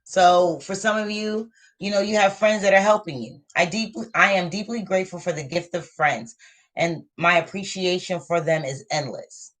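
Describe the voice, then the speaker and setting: A woman's voice: on the low side, moderate pace, a bit bright. A woman giving a live tarot reading to viewers, talking in a motivational way and repeating her points for emphasis. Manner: repetitive, motivational, affirming. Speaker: tarot reader.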